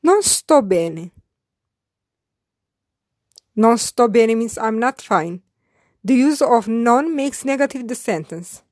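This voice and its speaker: Female language teacher, higher voice, dry close voice-over, slow repeat-after-me lesson delivery. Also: a little mellow, no echo. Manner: syllabifies and repeats phrases slowly for learners.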